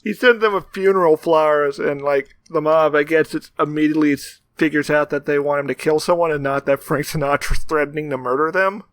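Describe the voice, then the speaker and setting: A man's voice: a little high, steady tone, fairly quick, hardly any pauses, no room sound. A man co-hosting a podcast, chiming in with wry jokes during casual chat. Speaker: podcast co-host.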